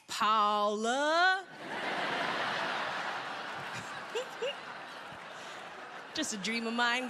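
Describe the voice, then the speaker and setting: A woman's voice: fairly high pitch, long reverb tail. A woman comedian doing a self-deprecating stand-up set on a live stage, chatty and full of asides to the crowd. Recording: live show with loud crowd noise.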